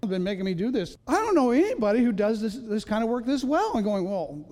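High-voiced preacher in a reverberant church. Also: male voice, sing-song, fast, a little mellow. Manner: storytelling, acts out voices, self-mocking humor. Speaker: pastor. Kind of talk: sermon. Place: church sanctuary. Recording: long reverb of a large hall.

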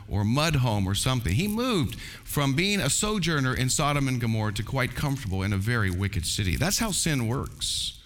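A middle-aged man preaching a sermon, telling the story with animated, acted-out quotes. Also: mid-range voice.

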